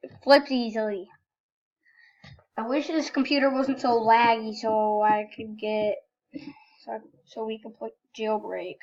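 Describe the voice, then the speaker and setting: High-voiced gamer girl on a muffled computer mic. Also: measured pace. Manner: rambling, self-correcting, sudden excited outbursts. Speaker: gaming YouTuber. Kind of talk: casual gameplay commentary. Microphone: computer microphone with screen recorder.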